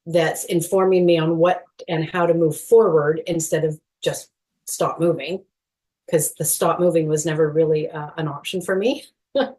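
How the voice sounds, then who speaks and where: Middle-aged woman, podcast guest, low-ish pitch, earnest and animated, laughs lightly, uses lots of fillers. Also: normal speed. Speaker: guest, movement educator. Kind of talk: podcast interview.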